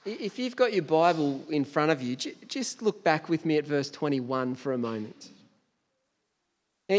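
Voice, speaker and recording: Slow-talking Australian preacher in a reverberant hall. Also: male voice, on the high side. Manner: conversational, asks rhetorical questions, stumbles on words. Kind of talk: sermon. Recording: long reverb in a large hall.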